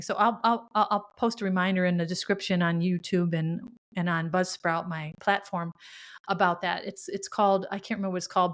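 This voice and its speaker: Middle-aged woman, spiritual podcast host, earnest and heartfelt, mid-pitched voice. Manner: earnest and emotional, with frequent restarts. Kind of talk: spiritual monologue.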